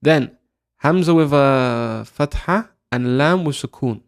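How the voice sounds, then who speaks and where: A British man with a smooth, mid-range voice teaches Arabic pronunciation at a slow pace. He drills every syllable repeatedly and keeps asking "right?" in a patient lesson.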